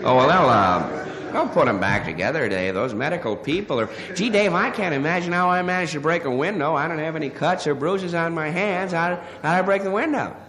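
A man's voice: fairly high pitch, lively intonation. Stammering sheepish man, live stage with laughing crowd. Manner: stammering, sheepish, hungover, halting with many uh's. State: hungover. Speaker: comedian. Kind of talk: stand-up telephone monologue. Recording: live stage recording, long reverb, audience laughter. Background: audience laughter.

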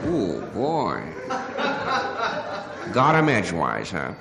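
A man doing a stand-up telephone monologue as a hungover caller, stammering and halting with many pauses and uh's. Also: deep voice, huge pitch swings, vocal fry, heavy background noise. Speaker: comedian. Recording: live stage recording, long reverb, audience laughter. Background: audience laughter.

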